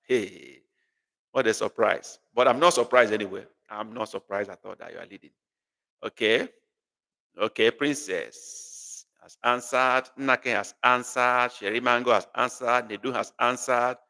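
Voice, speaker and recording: A man's voice: mid-range voice, unhurried, vocal fry, pushed and bright, in a large hall. A man with a Nigerian accent teaching a live online language class, calling on students by name and teasing them as he repeats phrases. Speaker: language tutor.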